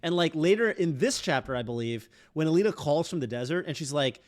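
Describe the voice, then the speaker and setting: A man's voice: fairly high pitch, lively intonation, fairly quick, hardly any pauses. A man streaming a game, chatting casually in a rambling way full of fillers and restarts. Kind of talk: casual chat while streaming.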